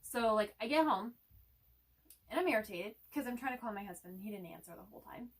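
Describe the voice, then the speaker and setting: Husky woman chatting, nervous rambly storyteller, kinda far from the mic. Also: medium pitch, animated, fast. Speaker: co-host. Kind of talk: casual chat.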